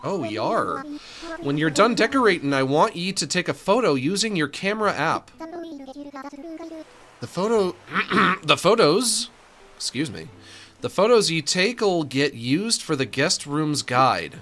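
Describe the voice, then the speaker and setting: A man's voice: a little high, big pitch swings, measured pace, a bit bright, pitched above the performer's own voice. A man voicing a salty male pirate character in a video game, reading its lines with a drawl. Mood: hearty.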